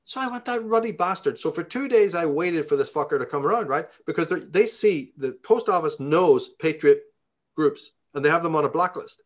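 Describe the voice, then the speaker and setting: A man's voice: a little high, animated, moderate pace. A middle-aged man from Northern Ireland with a Belfast accent, telling a profane, ranting story as an interview guest. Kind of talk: storytelling in conversation.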